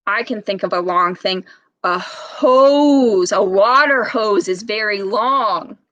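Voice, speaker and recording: A woman who is a speech therapist reads a picture book to young children in an interactive lesson, patiently asking them questions like a teacher. Her medium-pitched voice is slow and a bit bright; the recording has no room sound and the highs are cut off.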